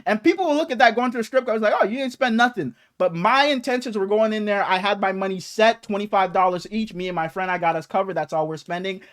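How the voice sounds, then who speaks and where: A young man co-hosting a podcast, telling a long story in a casual, animated way, swearing freely. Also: sits high, fast talker, hardly any pauses. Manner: animated, profane storytelling with acted quotes. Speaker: podcast co-host.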